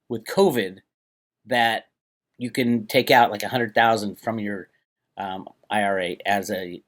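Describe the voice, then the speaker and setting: A man's voice: medium pitch, a bit bright. Man on an angry profane rant. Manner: agitated, profane, sarcastic, ranting. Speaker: crypto commentator and channel host. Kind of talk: heated solo rant to camera.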